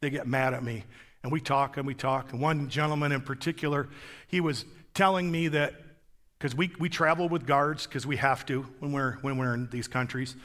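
A man's voice: mid-range voice, fairly even intonation, normal speed, fairly bright tone, big-room sound. A man preaching as a guest pastor, telling a story in an emphatic, conversational way on a church stage. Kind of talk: sermon.

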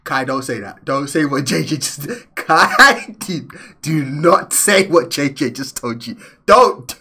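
A man's voice: a little high, animated, slow pace, sharp tone, husky. A man reacting to a video, exclaiming and laughing in disbelief. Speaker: reaction channel host. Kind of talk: reaction commentary.

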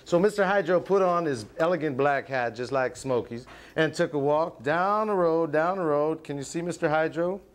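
A man hosting a live TV music show, telling a playful puppet story with lots of pauses. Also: fairly high pitch. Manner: rambling, playful, lots of uhs. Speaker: show host. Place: TV studio with live audience.

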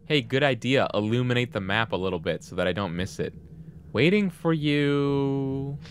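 A man's voice: on the low side, fast, a bit bright, slight background noise. A man giving casual, joking commentary while he plays a game, sometimes reading in-game text aloud with mock drama. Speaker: let's play host.

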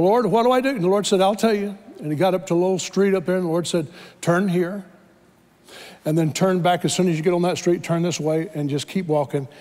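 A man's voice: high-pitched, darkish tone, in a large hall. A man preaching a sermon, telling a story dramatically and acting out the voices in it. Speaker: pastor. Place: church sanctuary.

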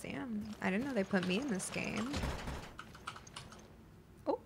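Amid background noise, a woman speaks slowly in a mid-range voice with vocal fry. She's doing casual commentary on a game stream, chatty and full of laughter, swearing and talking to chat while her voice gives out.

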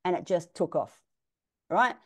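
A middle-aged Australian woman, a DJ guest, telling stories in a frank, animated way and acting out the quotes. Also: lowish voice, a little slow, slightly rough. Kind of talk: casual storytelling interview.

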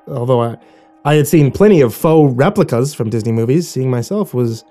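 A man reads a first-person horror tale in a hushed, measured way, his voice dark and mellow. Faint music sits quietly behind the narration. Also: medium pitch, expressive.

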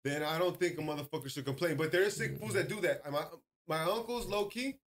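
A young man with a notably high voice in loose podcast banter. He tells his stories with energy, swears freely, and jumps into other people's voices when he quotes them. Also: fast talker, a little hiss or hum. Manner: animated storyteller, swears freely, acts out a yelling relative. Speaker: podcast co-host. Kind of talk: casual chat.

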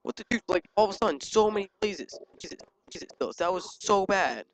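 A gaming channel host giving excitable live commentary while playing, yelping and joking at enemies. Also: mid-range voice, fast. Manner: excitable, yelps and jokes at enemies. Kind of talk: live let's-play commentary.

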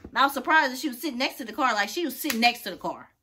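A woman telling a personal story in a casual, animated way, acting out the other people's voices. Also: high voice, racing, husky.

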